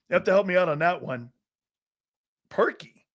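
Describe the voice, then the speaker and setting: A middle-aged man hosting a live sports talk show, reading chat messages aloud, laughing often and arguing back loudly. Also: high voice, unhurried. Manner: loud, excitable, laughs often, argues with chat.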